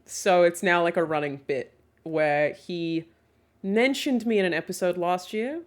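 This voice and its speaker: A young woman with a deep, low voice talks casually to her stream, answering chat questions one after another. She is candid and chatty, swears without a second thought, and laughs easily between points. She speaks into a desk mic from a home streaming setup. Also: measured pace.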